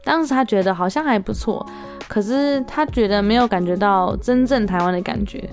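A woman podcast host narrating a voice-over in a steady, explanatory way. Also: mid-range voice, brisk. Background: faint music.

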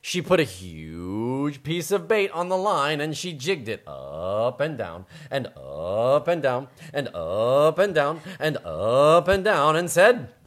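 A woman co-hosting a relaxed bilingual chat and reading a children's story aloud, laughing and playful. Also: very deep voice, slow pace, few pauses. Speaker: co-host and story reader.

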